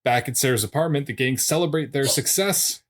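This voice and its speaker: Man recapping at an even pace. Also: mid-range voice, a little fast. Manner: steady narrating recap with dry asides. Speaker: podcast co-host. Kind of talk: casual recap of a TV episode.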